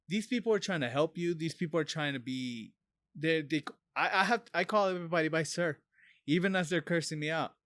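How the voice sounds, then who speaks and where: A man co-hosting a podcast, telling stories in a casual, profane, animated way. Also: on the high side, dry recording, clean studio sound. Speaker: podcast co-host. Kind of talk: casual chat.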